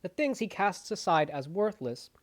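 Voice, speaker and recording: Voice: mid-range voice, big pitch swings, moderate pace, voice pushed up, close to an everyday voice. A reader putting on a grand transatlantic lecturer. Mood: solemn lecturing. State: losing voice. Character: solemn mid-century male esoteric lecturer. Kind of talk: lecture reading impression.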